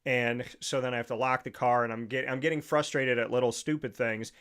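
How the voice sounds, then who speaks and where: A man's voice: medium pitch, steady tone, fairly quick, fairly bright tone, clean tone. A man hosting a sports talk show, telling a long personal story in a casual, rambling way with many restarts. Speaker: show host.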